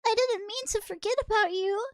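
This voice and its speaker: A frantic young schoolgirl, put on by a woman reading a manga aloud, shrill and pleading for her little brother. The voice climbs well above the reader's own, recorded close and dry. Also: a little fast, dry recording. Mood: remorseful.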